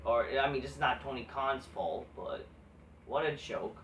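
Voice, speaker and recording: A man's voice: mid-range voice, moderate pace, a bit bright, a little hiss or hum. A man ranting casually and profanely about wrestling news, rambling and exasperated, with lots of restarts. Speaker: wrestling commentary vlogger. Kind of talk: casual rant. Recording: echoey room from far off the mic.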